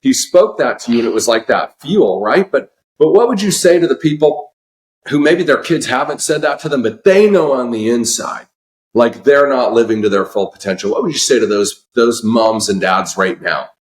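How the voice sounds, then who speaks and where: A man's voice: medium pitch, animated, normal speed. A man hosting a podcast, asking questions and giving motivational reflections, stressing key phrases. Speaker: podcast host. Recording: echoey room.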